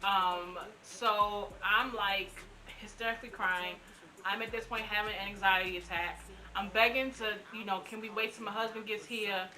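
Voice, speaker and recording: A woman in her twenties telling her own story in a casual, animated way, acting out what people said. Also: mid-range voice, normal speed, poor audio. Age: 20s. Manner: animated, acts out quotes. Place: room at home.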